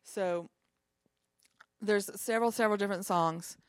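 A woman's voice: medium pitch, moderate pace, dry recording, clean studio sound. A woman pastor giving an informal sermon to a small group, talking conversationally with chatty asides between scripture readings.

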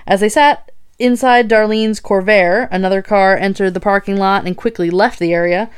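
A woman's voice: mid-range voice, steady tone, normal speed, smooth. A woman co-hosting a casual true-crime chat, reading case details and reacting with gasps and swearing. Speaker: podcast co-host.

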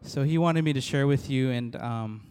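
A man, a police officer, giving a halting, earnest church testimony to a congregation, with many restarts. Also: mid-range voice, darkish tone, clear, resonant tone. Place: church hall. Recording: long reverb of a large hall.

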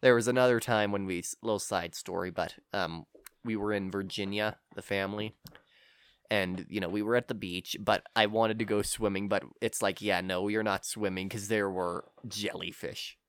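A man's voice: lowish voice, steady tone, normal speed, smooth, no room sound, clean studio sound. A tired man co-hosting a podcast, chatting casually and joking with laughs. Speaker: podcast co-host. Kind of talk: casual chat.

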